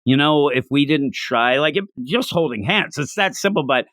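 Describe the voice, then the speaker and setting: A man's voice: a little high, normal speed, no room sound, studio quality. A man co-hosting a manga review podcast, chatting casually and acting out characters' lines as he recaps. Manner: animated, acts out character lines while recapping. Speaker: podcast co-host.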